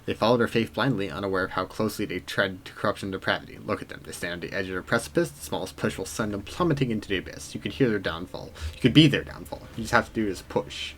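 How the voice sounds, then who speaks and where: A man reading aloud a seductive voice that whispers inside the mind, in a quiet, insinuating way. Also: fairly low pitch, fast, few pauses, a little hiss or hum, lightly acted.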